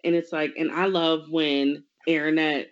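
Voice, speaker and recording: A woman's voice: low-pitched, little pitch movement, unhurried, lo-fi sound. A woman co-hosting a casual chat, rambling enthusiastically. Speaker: co-host.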